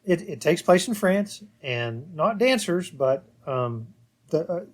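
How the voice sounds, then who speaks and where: Fairly high-voiced young man podcasting. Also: slow pace. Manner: repeats words, animated when retelling reactions. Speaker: podcast co-host. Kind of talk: casual podcast review chat.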